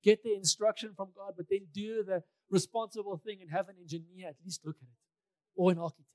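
A man's voice: high-pitched, steady tone, fast, a little mellow, no room sound. A male pastor preaching a sermon in a conversational way, repeating key phrases for emphasis, with touches of light humor.

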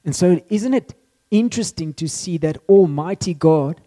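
A man giving a sermon, reading a psalm slowly and reflecting on it phrase by phrase. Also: high-pitched, expressive, warm tone. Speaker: pastor.

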